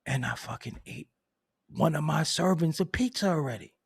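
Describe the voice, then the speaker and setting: A man hosting a casual live stream, answering chat in a loud, laughing, profane way that swings from mumbling to shouting. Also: a little high, expressive, moderate pace, vocal fry, husky, no echo, clean studio sound. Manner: reads and answers viewer chat. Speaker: host.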